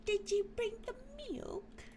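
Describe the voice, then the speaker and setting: A woman's voice: very high voice, little pitch movement, takes it slowly, warm tone, slight background noise, pitched above the performer's own voice. A woman voicing a smug, nagging middle-aged British mother in a game. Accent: put-on British.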